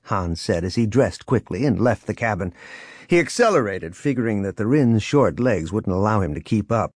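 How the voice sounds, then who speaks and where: Husky guy narrating an audiobook, lively pitch, dry close sound. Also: normal speed, no echo.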